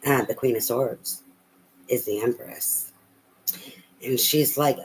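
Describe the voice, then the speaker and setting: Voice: medium pitch, slow pace, long pauses, slight background noise, poor audio. A tarot reader giving a casual reading, talking bluntly and emphatically with a lot of profanity and repetition.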